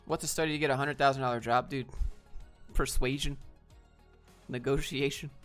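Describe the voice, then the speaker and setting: Young male streamer, casual and blunt, middle pitch, faint music underneath. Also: steady tone, normal speed, fairly bright tone. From Georgia, US. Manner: laid-back, reads viewer questions aloud and answers bluntly, says dude. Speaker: streamer answering chat. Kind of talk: casual livestream chat.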